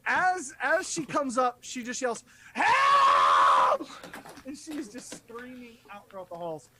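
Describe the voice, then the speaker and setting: A man acting as dungeon master, narrating a tabletop game in a loose, halting way, with restarts and the odd curse. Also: extremely high pitch, big pitch swings, heavy background noise.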